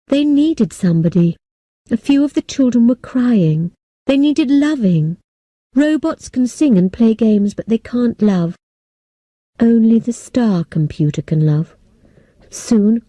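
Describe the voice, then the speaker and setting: Dark-voiced woman reading an audiobook. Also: medium pitch, no echo. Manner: clear and steady, for language learners. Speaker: audiobook narrator. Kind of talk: scripted narration.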